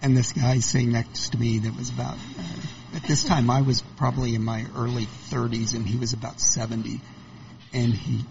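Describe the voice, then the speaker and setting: A gravelly-voiced man co-hosts a relaxed chat and spins anecdotes with a laugh. The recording is dull and muffled, with a faint hiss behind him. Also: medium pitch, moderate pace. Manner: anecdotal, laughs while telling stories. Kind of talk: casual interview chat.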